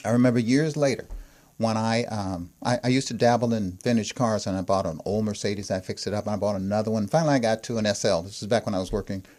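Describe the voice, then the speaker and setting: A man being interviewed as a guest author, unhurried and vivid as he tells a story. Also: fairly low pitch, darkish tone.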